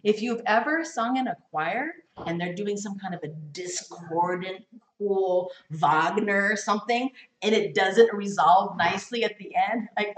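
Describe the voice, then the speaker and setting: A woman leads a women's Bible study in a live class, talking in a lively, chatty way and laughing as she acts out little quotes. Her voice sits at a middle pitch. It is heard from a distance in an echoey room. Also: unhurried.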